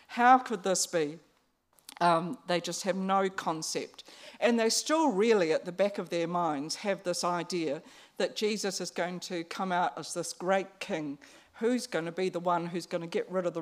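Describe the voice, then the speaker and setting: A woman preaching a conversational sermon, pausing on fillers and restarts. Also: lowish voice.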